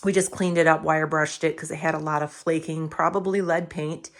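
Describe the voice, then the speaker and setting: A woman's voice: sits low, level tone, brisk. A woman in her fifties chatting casually while giving a home tour, enthusiastic about her thrift finds. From United States.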